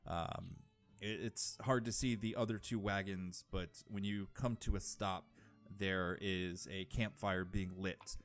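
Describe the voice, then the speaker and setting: A man narrating as game master of a tabletop game, unhurried and full of small fillers. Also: low voice, fairly even intonation, soft background music.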